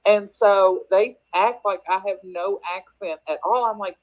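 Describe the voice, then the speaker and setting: Appalachian Kentucky woman, chatty guest, quick laughs, casual delivery. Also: medium pitch, low-quality recording. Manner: chatty, laughs often, many restarts. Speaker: crypto project guest. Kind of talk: casual live audio chat. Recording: online audio space.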